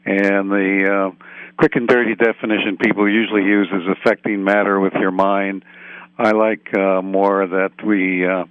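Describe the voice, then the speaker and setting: A man speaking as a psychologist guest in an interview, explaining calmly with analogies. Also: fairly low pitch, no room sound, muffled recording. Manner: calm explanatory, uses analogies. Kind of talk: interview answers.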